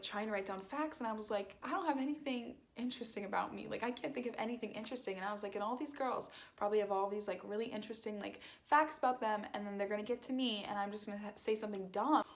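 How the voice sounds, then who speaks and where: A young woman telling a casual storytime, rambling with lots of fillers and acting out quoted lines. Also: medium pitch. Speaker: vlogger.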